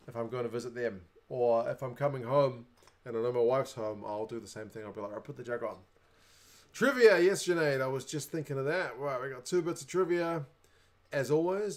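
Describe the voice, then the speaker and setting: A young adult man with a New Zealand accent, hosting a casual livestream, chatting away and reading viewer comments aloud. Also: mid-range voice. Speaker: livestream host.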